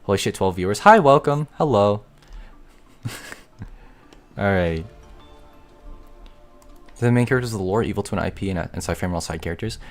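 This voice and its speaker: Young man, streamer, live gaming chatter, excitable, grumbling, swears casually, low-pitched voice, faint background music. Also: moderate pace, long pauses. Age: young adult.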